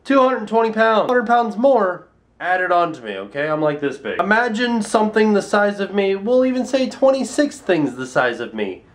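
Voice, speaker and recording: A man vlogging to camera, explaining science in a jokey, animated way with self-mocking asides. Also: high voice, normal speed. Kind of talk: casual comic explainer vlog.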